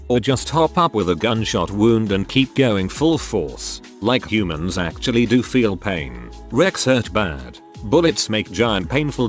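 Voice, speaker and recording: A man reading out online posts as scripted narration, with sarcastic asides and an expressive delivery. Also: lowish voice.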